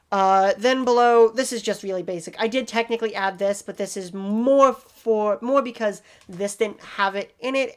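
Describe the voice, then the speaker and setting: A woman casually explaining tabletop game character tips in a rambling, self-deprecating way. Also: mid-range voice.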